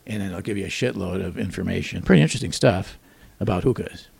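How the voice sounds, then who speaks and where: An older man hosting a podcast, reading joke headlines in a deadpan way and muttering wisecracking asides. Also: fairly low pitch, fast, gravelly, breathy edge, no echo. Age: 60s. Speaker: podcast host. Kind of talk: deadpan satirical news monologue.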